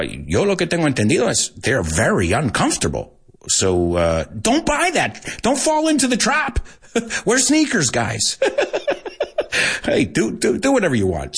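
Husky, jokey American man teaching. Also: medium pitch. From United States. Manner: jokey, chatty, laughs often at his own asides. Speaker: English teacher. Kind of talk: casual teaching monologue.

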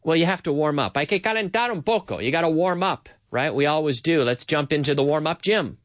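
A man with a slightly high voice, a language teacher and podcast host, leads a bilingual English lesson for Spanish speakers. He repeats phrases slowly for learners and mixes in Spanish words.

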